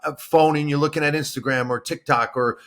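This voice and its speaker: A man's voice: fairly high pitch, fairly even intonation, fairly quick, fairly bright tone. A middle-aged man co-hosting a podcast in casual chat, talking in repeated phrases and rhetorical questions. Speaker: podcast co-host.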